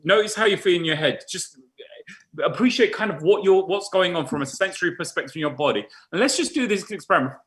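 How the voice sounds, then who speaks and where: A British man hosting a live-streamed panel, coaxing viewers through an exercise in an animated, jokey way. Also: high-pitched, fast talker. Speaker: host leading a group exercise.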